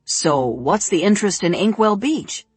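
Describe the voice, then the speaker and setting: A woman reading a calm, reserved middle-aged man in an audiobook, measured and understated. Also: mid-range voice, husky, no room sound. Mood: even.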